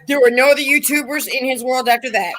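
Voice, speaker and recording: A woman's voice: sits high, fast talker, fairly bright tone. A middle-aged woman chatting casually on a panel, telling stories and acting out the voices of the people she quotes. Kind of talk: casual chat.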